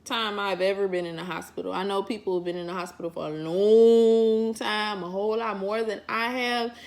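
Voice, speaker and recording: A woman's voice: medium pitch, fairly even intonation, moderate pace, vocal fry, a little mellow. A woman chatting casually to camera as a vlogger, folksy and encouraging, drifting off topic. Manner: encouraging, pep-talk delivery.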